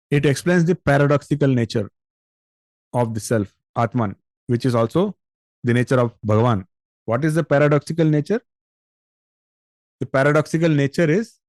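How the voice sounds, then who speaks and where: A man teaches a spiritual lesson in a patient, explanatory way and often checks in with his listeners through rhetorical questions. His voice sits a little high for a man. The sound is dry and close, with no room echo. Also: darkish tone. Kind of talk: spiritual discourse on scripture.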